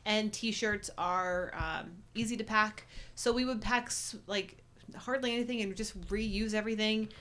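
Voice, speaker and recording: A woman from the United States co-hosting a casual livestream chat, telling stories in a chatty, animated way and laughing often. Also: mid-range voice, a little slow. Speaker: co-host.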